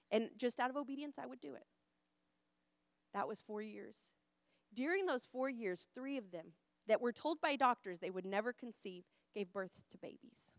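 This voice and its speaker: A middle-aged woman preaching and telling her testimony, passionate, rising loud and high and then falling soft and low. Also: fairly quick, no room sound, studio quality. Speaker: pastor and speaker. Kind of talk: sermon testimony.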